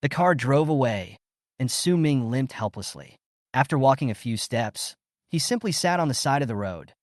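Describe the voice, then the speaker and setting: A man reading a scripted story recap as its narrator, in a steady storytelling manner. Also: medium pitch, no echo, clean studio sound.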